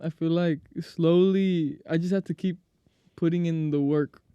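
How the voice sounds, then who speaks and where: A man's voice: on the high side, steady tone, a little slow, dark tone, clean tone, no echo, highs cut off. A young man talking casually as a guest musician on a podcast, laid-back and humble with many fillers.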